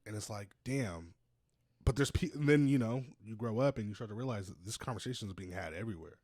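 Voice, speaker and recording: A young man co-hosting a podcast in casual, slangy chat, swinging between loud bursts and low, quiet stretches. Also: fast, dry recording, clean studio sound. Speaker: podcast co-host.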